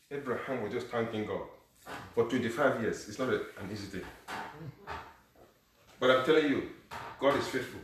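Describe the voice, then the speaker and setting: A male pastor preaching a sermon, moving between low, quiet passages and shouted high calls, often asking the congregation if they are hearing him. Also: normal speed, long pauses. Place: church. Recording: echoey room, mic far off.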